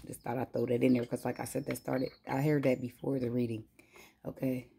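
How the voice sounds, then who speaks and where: Gravelly, mellow-voiced woman reading tarot. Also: extremely low pitch, level tone, a little fast, slight background noise. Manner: chatty, laughs often, talks to viewers as "y'all". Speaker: tarot reader. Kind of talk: casual spiritual reading.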